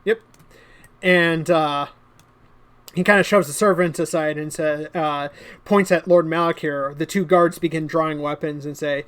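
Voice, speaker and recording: A game master narrating a tabletop game in a relaxed way, often breaking into laughter. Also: mid-range voice, unhurried.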